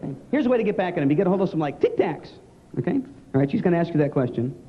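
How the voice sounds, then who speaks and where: A man doing stand-up comedy, animated and acting out silly impressions. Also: on the high side, racing. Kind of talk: stand-up joke telling. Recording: dull 90s TV broadcast with loud crowd.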